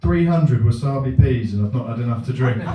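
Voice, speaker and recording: A man doing a deadpan, self-mocking stand-up set in a comedy venue. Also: medium pitch, highs cut off, heavy background noise. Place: comedy venue with a live audience. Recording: echoey room, mic at a distance.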